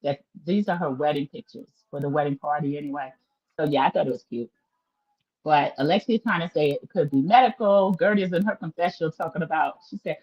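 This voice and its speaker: Opinionated woman gossiping to her viewers, lowish voice, muffled lo-fi stream audio. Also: a little fast, breathy edge. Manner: chatty, opinionated, talks straight to viewers. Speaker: reality TV recap host. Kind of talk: casual livestream recap commentary.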